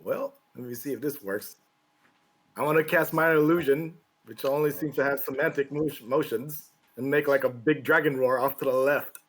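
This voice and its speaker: A man's voice: mid-range voice, moderate pace. A man playing in a tabletop fantasy game, thinking aloud playfully as he plans his character's moves. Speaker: player. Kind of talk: casual tabletop game play.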